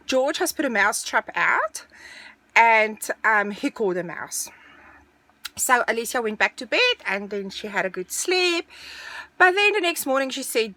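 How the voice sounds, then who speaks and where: A middle-aged woman telling a personal story in a casual, animated storytelling way. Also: on the high side, a little slow, no room sound. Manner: animated, breathless storytelling, dramatic retelling.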